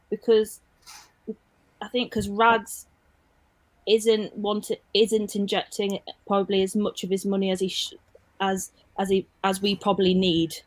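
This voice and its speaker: A woman's voice: mid-range voice, no echo. A woman, a football fan, chatting casually with plenty of fillers and restarts. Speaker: Leeds fan guest. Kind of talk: casual chat.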